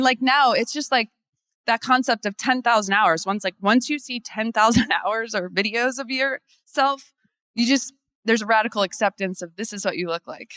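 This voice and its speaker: A woman's voice: on the high side, fairly bright tone, dry recording. A woman lawyer, candidly chatting to a conference audience and laughing often. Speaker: lawyer and firm owner. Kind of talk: conference panel talk.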